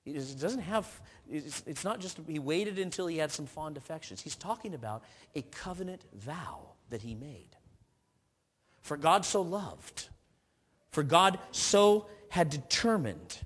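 Man preaching, slightly high voice, earnest, reads scripture, restarts often, long hall reverb. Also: animated, moderate pace, few pauses, slight background noise. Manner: earnest, rising to emphatic peaks and dropping low. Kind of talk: sermon.

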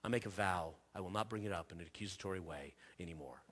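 A man preaching a sermon in earnest, repeating phrases and restarting himself, dropping softer when he quotes. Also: low voice, fast. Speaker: pastor.

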